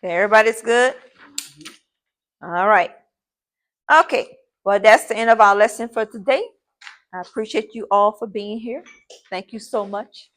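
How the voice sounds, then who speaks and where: A woman's voice: medium pitch, normal speed, pauses often, fairly bright tone. A woman teacher giving a classroom lesson in an informal way. She repeats key points and keeps checking in with the class. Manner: repetitive, checking in with "okay?" and "all right?"; informal, addresses the class as "y'all".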